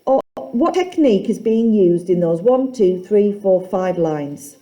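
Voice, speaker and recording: A woman teaching a poetry class, asking students questions and reading lines aloud slowly. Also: mid-range voice, sing-song, warm tone, highs cut off.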